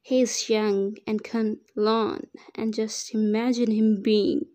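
A woman voicing a ruthless male crime boss who taunts slowly in a fan fiction audiobook reading. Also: medium pitch, flat delivery, warm tone, natural voice. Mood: taunting.

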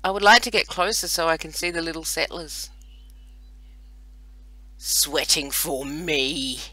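A woman's voice: fairly low pitch, quick pace, bright, forceful tone, no echo, rough recording. A woman hosting casual gameplay commentary, rambling and chatty with self-mocking asides, recorded on a computer microphone. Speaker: host playing a browser strategy game.

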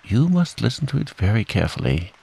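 Man voicing a bossy fussy rabbit, storybook figure, brisk commands, raised gravelly voice. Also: fairly low pitch, very animated, a little mellow, full character voice, poor audio.

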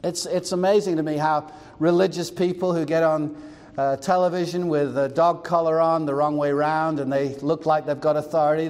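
A man preaches an emphatic, expository sermon, pausing for quick asides before driving his point home. His voice sits a little high for a man. It rings out with the long reverb of a church hall. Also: a little mellow. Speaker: pastor.

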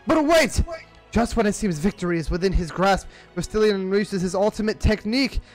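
A man's voice: brisk, soft background music, lightly acted. A man voicing a theatrical British fight announcer with a put-on Cockney accent, reading out a battle story in a grandiose way. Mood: excited. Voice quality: booming, grandiose, pompous.

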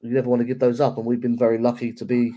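A young man co-hosting a football podcast in casual chat, talking in a measured, reflective way. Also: medium pitch, completely flat delivery, dark tone. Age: young adult. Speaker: podcast co-host.

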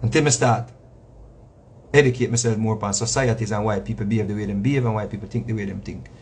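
A man's voice: lowish voice, steady tone, quick pace, slight background noise. A man with a Jamaican accent, a reggae artist, talking in a casual monologue that repeats itself for emphasis. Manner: preachy, repetitive, emphatic with slang asides.

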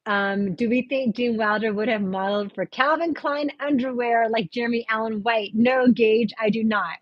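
Husky woman chatting on a livestream. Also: on the high side, moderate pace, dry recording, muffled recording. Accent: light Texan. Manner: chatty, answers viewer questions aloud, many restarts. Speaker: movie review host. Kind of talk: casual livestream chat reading viewer comments. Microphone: phone on a tripod.

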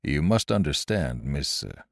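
A man's voice: a bass voice, very animated, unhurried, vocal fry, no room sound, studio quality, pitched below the performer's own voice, exaggerated voice. A man voicing a severe middle-aged surgeon who speaks bluntly and emphatically. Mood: stern.

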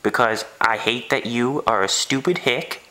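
A man's voice: mid-range voice, a little slow, crowd noise, lightly acted, rough recording. A man playing a sarcastic, needling interviewer in a comedy sketch, jealous of his guest. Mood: spiteful. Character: snide, jealous young male interviewer.

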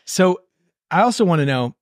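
A man's voice: high voice, big pitch swings, moderate pace, dry recording, clean studio sound. A man hosting a podcast interview, easygoing and asking his guests questions. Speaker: podcast host.

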